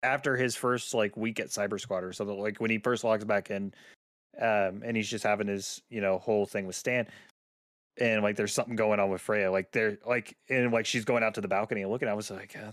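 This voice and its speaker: A man co-hosting a casual book chat, excitable and full of fillers, acting out his own reactions. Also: fairly low pitch, brisk, no room sound, studio quality. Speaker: podcast co-host discussing a book. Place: home setup with his own mic.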